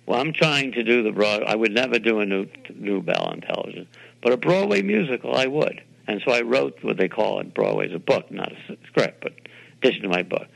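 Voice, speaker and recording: An older man from New York City tells stories in an interview with a heavily gravelly voice. His pitch swoops all over as he acts out the voices of people he quotes, speaking with the enthusiasm of a veteran television producer. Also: a little fast, rough recording. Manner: animated anecdotes, acting out quoted voices. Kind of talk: interview storytelling.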